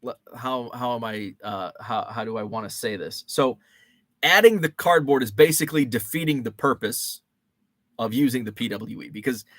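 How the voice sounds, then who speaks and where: Guy rambling on his home show, animated up and down, dry close sound, lots of ums. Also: mid-range voice, moderate pace, dry recording. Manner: chatty, thinks aloud with fillers and restarts. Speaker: show host. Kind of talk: casual rambling monologue. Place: home basement.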